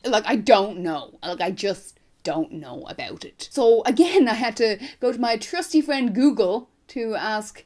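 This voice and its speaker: A young woman from north County Dublin with an Irish accent, chatting casually to camera, rambling with lots of "like"s. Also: a little high. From Ireland, north County Dublin. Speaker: vlogger.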